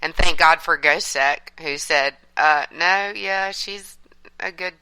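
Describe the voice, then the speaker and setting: A woman's voice: deep voice, slow pace, pushed and bright, clean tone, no echo, poor audio. A woman with a Georgia accent, co-hosting a radio talk show and chatting candidly. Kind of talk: casual talk radio banter.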